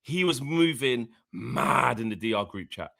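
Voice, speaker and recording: A man co-hosting a casual football podcast, telling stories in an animated, slangy way. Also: medium pitch, unhurried, vocal fry. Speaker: co-host.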